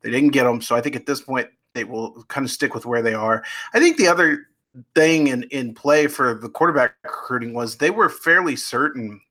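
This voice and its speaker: A man with a bright, forward voice chats as a guest reporter. His talk is loose and hedging, with plenty of "you know"s and restarts. He keeps a mid-range pitch throughout. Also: moderate pace. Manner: chatty, hedging with many fillers and restarts. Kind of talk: casual podcast chat.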